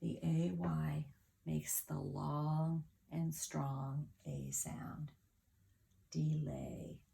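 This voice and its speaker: Teaching children phonics, a woman with a low, gravelly voice sounds out and spells each word slowly and clearly, step by step, with claps. Her tone is dark, mellow, and level, and faint room noise sits in the background.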